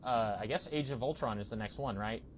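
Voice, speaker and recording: A man's voice: mid-range voice, brisk, a little hiss or hum. A young man hosting a podcast, chatting casually and rambling with many restarts. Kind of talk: casual chat. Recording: dull lo-fi podcast audio.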